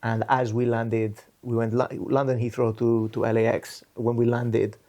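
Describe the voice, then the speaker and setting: A man who hosts a relaxed podcast, spinning long, rambling stories between bursts of laughter. His voice sits at an ordinary middle pitch, and his tone stays easygoing and conversational. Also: moderate pace, muffled recording. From Wales. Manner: rambling anecdotes, laughs often. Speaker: podcast host. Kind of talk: casual chat.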